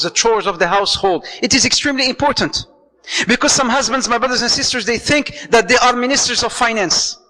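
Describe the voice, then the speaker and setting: A man giving a lively marriage lecture to an audience, acting out little dialogues and mixing in Arabic phrases. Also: very high voice, big-room sound, low-quality recording. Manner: animated, acts out dialogue, mixes Arabic phrases, joking. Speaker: Islamic speaker.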